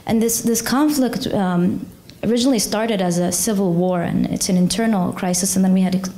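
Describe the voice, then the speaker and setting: A young woman speaking to a community audience as a charity chairperson, earnest and conversational, with many fillers and lively retold dialogue. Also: medium pitch, fairly quick. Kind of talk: personal storytelling talk to a community audience.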